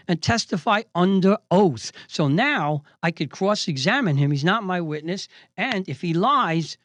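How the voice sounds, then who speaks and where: A man's voice: high-pitched, dry recording. An older man, a judge, hosting and telling a courtroom story from his days as a trial lawyer, acting out the exchanges with relish. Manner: lively anecdotal telling, acting out quoted exchanges.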